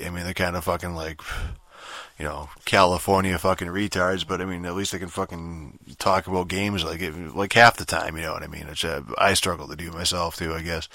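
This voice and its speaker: A man's voice: low voice, flat delivery, fairly quick, sharp tone, no echo, clean studio sound. A man hosting a solo podcast, rambling in a profane, casual rant full of restarts and fillers. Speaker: podcast host.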